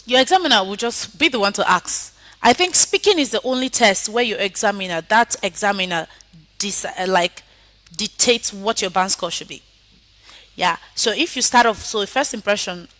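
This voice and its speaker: A woman teaching a speaking lesson over a video call, often swinging from soft to loud for emphasis. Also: medium pitch. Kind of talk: online lesson.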